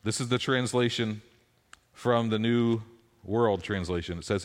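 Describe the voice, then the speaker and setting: Animated male pastor preaching a sermon. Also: lowish voice, a little slow. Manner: animated storytelling with rising emphasis.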